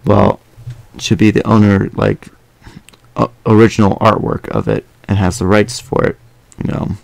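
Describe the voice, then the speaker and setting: Young male podcast host, low gravelly voice, dry close sound, chatty and meandering. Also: flat delivery, normal speed, no echo. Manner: rambling, many fillers and restarts. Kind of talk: casual podcast chat.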